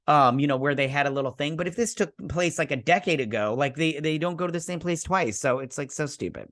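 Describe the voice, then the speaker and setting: A man's voice: fairly high pitch, animated, normal speed, sharp tone, dry recording. Rambling sarcastic man, dry sound. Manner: rambling, sarcastic, many fillers and restarts. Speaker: show reviewer host. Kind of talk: casual episode recap and review.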